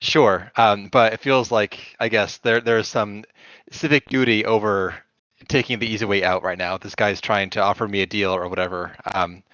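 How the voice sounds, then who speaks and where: A man playing a tabletop game, talking in a measured, thoughtful way. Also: on the low side, steady tone, a bit bright, no room sound. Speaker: player. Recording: dull, dry sound.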